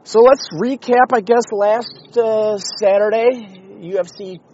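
A man hosting a podcast, talking in a rambling, sarcastic, profane comedic monologue with a husky voice. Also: high voice, slow, darkish tone, dull audio. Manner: rambling, sarcastic, swears often. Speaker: podcast host.

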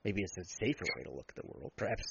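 A man's voice: low-pitched, lively intonation, fast talker, gravelly, noisy background. A man co-hosting a podcast in casual chat, talking bluntly and sarcastically in long rambling turns. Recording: dull lo-fi sound.

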